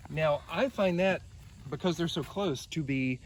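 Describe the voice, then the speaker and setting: A man's voice: on the high side, measured pace. A man hosting a cemetery vlog, narrating a casual walking tour outdoors, enthusiastic and rambling with lots of fillers.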